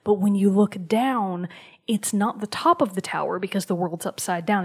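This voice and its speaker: A woman hosting a show, casually recounting a video game story and dropping into a soft whisper for emphasis. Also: mid-range voice, normal speed, slightly rough. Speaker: show host.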